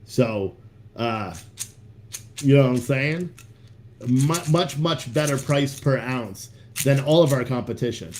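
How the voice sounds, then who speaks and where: Hyped-up, swearing livestream host. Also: male voice, medium pitch, lively intonation, slow pace, a little mellow, slight background noise. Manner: loose, profane, hyped-up talk. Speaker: livestream host selling coffee. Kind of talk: casual live-stream chat.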